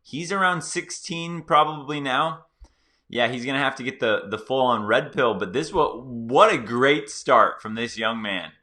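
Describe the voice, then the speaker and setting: A male host giving excited, playful reaction commentary on a clip, talking straight to his viewers. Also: medium pitch, measured pace.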